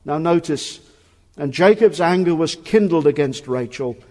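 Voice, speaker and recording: A man's voice: fairly high pitch, animated, measured pace, a little mellow. A man preaching a sermon earnestly and emphatically, often asking rhetorical questions. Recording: long reverb of a large hall.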